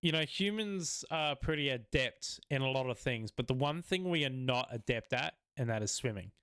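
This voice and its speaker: A man's voice: mid-range voice, animated, normal speed, fairly bright tone, clean tone, dry recording, clean studio sound. A man, co-hosting a casual podcast chat, rambling and laughing often. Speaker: podcast co-host.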